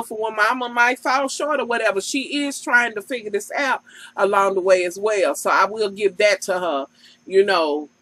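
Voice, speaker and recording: Sassy woman with a bright voice. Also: on the high side, no room sound, rough recording. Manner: sassy, profane, talks straight to the cast. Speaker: vlogger recapping a TV show. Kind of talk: casual reality-TV recap.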